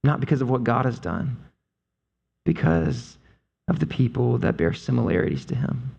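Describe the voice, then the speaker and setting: A man preaching a conversational sermon, speaking with emphatic, drawn-out stresses. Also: mid-range voice, animated, creaky, darkish tone, slightly rough, highs cut off. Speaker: pastor.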